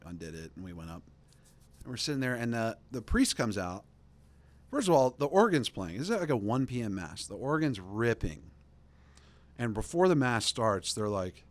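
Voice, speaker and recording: A man hosting a podcast, telling a rambling, animated story in casual chat and acting out the voices of the people in it. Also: on the low side. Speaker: podcast host.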